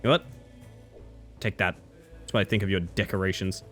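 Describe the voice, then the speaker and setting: A man streaming a game live, chatting with his viewers, excitable, swearing and yelping at every surprise. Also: low voice, fairly quick, soft background music. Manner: chats with viewers.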